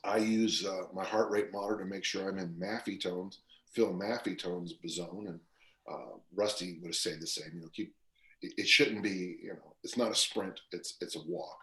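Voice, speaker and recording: A strength coach in his sixties, appearing as a guest on a casual podcast, tells stories in a loose, rambling way full of fillers and restarts. His voice sits low, steady and sharp in tone, at normal speed. The recording has a roomy echo.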